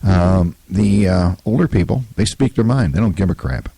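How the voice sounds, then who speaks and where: Hoarse, very deep-voiced man in his fifties. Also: normal speed, mellow, dry recording. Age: 50s. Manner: opinionated, rambling with many fillers. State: hoarse, scratchy throat. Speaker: podcast host. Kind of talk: solo political talk show.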